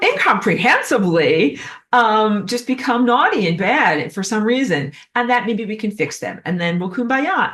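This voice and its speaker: A woman's voice: mid-range voice, a bit bright, recorded from a distance. A woman giving a rambling spiritual lesson, digressing often with fillers and acted-out asides. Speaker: spiritual teacher.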